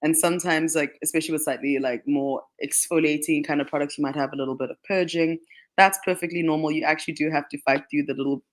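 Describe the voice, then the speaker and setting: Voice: mid-range voice, fairly even intonation, fast talker. Chatty radio guest. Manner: chatty, lots of "like" fillers, laughs often. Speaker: guest, skincare brand marketing manager. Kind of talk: radio interview answers. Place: radio studio.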